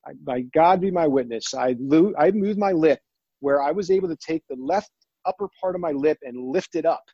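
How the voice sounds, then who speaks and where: A man earnestly telling a personal story, near tears, halting and restarting often. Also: on the high side, dark tone, slightly rough, dry recording, lo-fi sound. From New Jersey. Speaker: guest.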